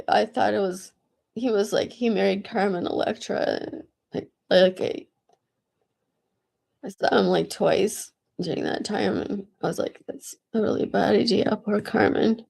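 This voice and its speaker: A woman's voice: medium pitch, takes it slowly, gravelly, pauses often, darkish tone, breathy edge. A woman telling a long personal story in a loose, rambling way, often laughing, restarting and filling with "like". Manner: laughs often, trails off and restarts, says "like" a lot. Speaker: vlogger.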